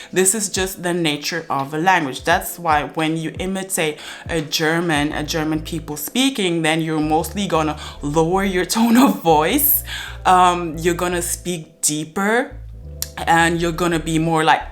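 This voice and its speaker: Young woman vlogging, low voice. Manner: chatty, thinks aloud with fillers and restarts. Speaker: language-learning vlogger. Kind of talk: casual explanatory talk to camera.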